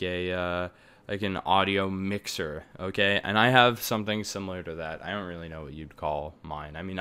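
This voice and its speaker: A man's voice: fairly low pitch, a bit bright, clean tone. Rambling young man explaining recording gear. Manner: rambling, filler-heavy, offhand. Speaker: tech tutorial maker. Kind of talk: casual screen-recording tutorial. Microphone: desktop USB microphone.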